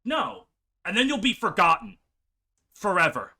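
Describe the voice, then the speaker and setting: Casting: lively tabletop player, a man with a bright, sharp voice and crude, mocking banter. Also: high-pitched, moderate pace. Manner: animated, profane, mocking. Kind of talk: casual role-play banter.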